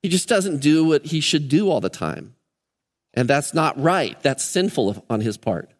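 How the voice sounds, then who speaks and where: Male pastor, sermon delivery, earnest and emphatic, slightly high voice, long hall reverb. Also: expressive, measured pace. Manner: earnest, emphatic, repeats key words in threes. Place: church sanctuary during a service.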